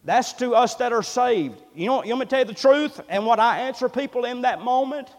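High-voiced preacher in a reverberant hall. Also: male voice, animated, fairly quick, few pauses. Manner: folksy preaching, building to loud emphatic peaks. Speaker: pastor. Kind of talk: sermon. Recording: long reverb in a church hall.

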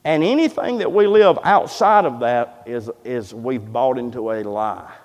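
A man preaching a sermon in a church, fervent and emphatic, swinging between loud cries and quiet asides, repeating words as he builds. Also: mid-range voice, expressive, unhurried. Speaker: pastor. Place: church sanctuary. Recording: echoey church hall sound.

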